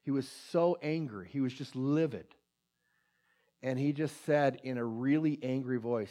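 In a mid-range voice and at a measured pace, this preacher tells a personal story conversationally, with many false starts. Quoted prayers are delivered in a hush.

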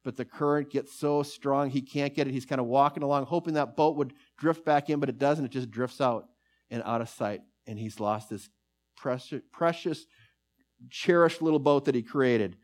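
A man preaching a sermon at a middle pitch. He reads scripture passages aloud and tells a story at a measured pace, slowing for emphasis. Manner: storytelling with slow, emphatic pauses.

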